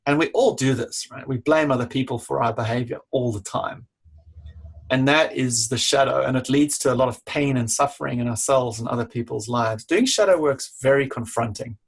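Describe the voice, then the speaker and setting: A man's voice: medium pitch, a bit bright, breathy edge. A middle-aged man, a leadership coach, talking bluntly and emphatically in an interview, swearing casually. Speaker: leadership coach and author, podcast guest.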